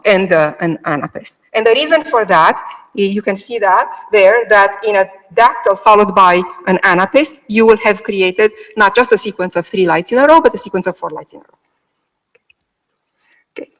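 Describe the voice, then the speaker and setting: This lecturer on Greek meter has a medium-pitched, slightly bright voice and addresses a remote audience. She explains things one step at a time, checking in with repeated "okay"s. The sound is rough and roomy, as if in a big space.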